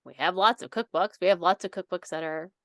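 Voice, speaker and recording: A woman's voice: on the low side, brisk, dry recording, clean studio sound. A woman co-hosting a podcast, telling a long story in a casual, rambling way, laughing often and using many fillers. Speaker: podcast co-host.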